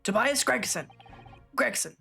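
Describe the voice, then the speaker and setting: A woman doing a gravelly chain-smoking police inspector. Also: fairly high pitch, animated, unhurried, bright, forceful tone, soft background music, exaggerated voice. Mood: officious. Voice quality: rough chain-smoker rasp. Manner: formal, officious report delivery. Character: gruff middle-aged male police inspector. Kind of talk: voicing a game character on stream.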